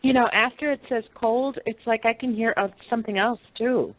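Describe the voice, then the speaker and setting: A woman's voice: a little high, fairly even intonation, moderate pace. A woman co-hosting a radio talk show, chatting casually and a little hesitantly. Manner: hesitant, with fillers and restarts. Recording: tinny phone-like line.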